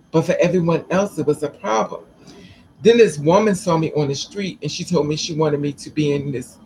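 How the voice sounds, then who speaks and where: A woman telling a personal story to camera in a blunt, profane, animated way. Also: on the low side, slight background noise, rough recording. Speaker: vlogger.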